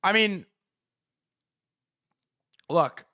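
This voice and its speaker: A man hosting a live stream, reacting to news in excitable, profane commentary and repeating words in rapid bursts. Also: high voice, no echo, clean studio sound. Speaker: livestream host.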